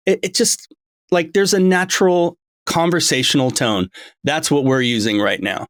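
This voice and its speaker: A man's voice: fairly high pitch, normal speed, a bit bright, dry recording. A middle-aged man talking as a voice director in a casual interview, rambling and full of ums and restarts. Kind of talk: casual long-form interview. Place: his home.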